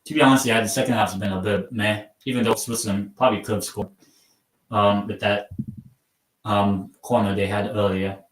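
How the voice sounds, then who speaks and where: A man hosting a casual live football watchalong. He rambles and mocks himself, and his sentences often trail off quietly. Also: on the low side, steady tone, normal speed. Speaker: live stream host. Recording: roomy sound from a mic at some distance.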